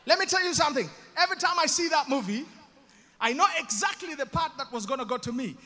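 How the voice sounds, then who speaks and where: A man from Uganda with a Ugandan accent doing animated stand-up storytelling, acting out voices with self-mocking asides. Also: very high-pitched, fast, a little hiss or hum. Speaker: stand-up comedian. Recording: live in an echoey hall.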